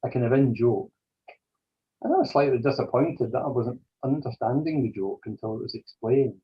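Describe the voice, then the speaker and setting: A man, an interview guest, telling a personal story slowly and deliberately. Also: medium pitch, husky, highs cut off.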